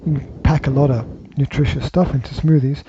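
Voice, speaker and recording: A man's voice: mid-range voice, steady tone, fairly quick. A man co-hosting a parenting Q&A in casual chat, playful and joking, with hesitant fillers. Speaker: co-host of parenting Q&A. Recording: dull lo-fi sound with faint noise.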